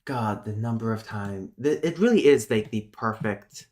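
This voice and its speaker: A man hosting a casual live-stream lesson, reading his notes aloud and breaking off to think out loud with muttered asides. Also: on the low side, expressive, normal speed. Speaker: streamer teaching linguistics.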